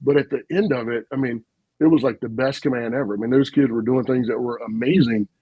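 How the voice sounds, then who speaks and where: A man, a retired army officer, telling stories in an animated, folksy way on a casual podcast. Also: mid-range voice, a little fast, breathy edge, dry recording, dull audio. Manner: animated, folksy storyteller with frequent asides and laughs.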